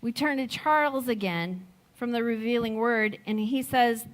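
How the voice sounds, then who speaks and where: A middle-aged woman giving a sermon, slow and reflective, telling a personal story with gentle laughs. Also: fairly high pitch. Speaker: speaker at a Sunday service.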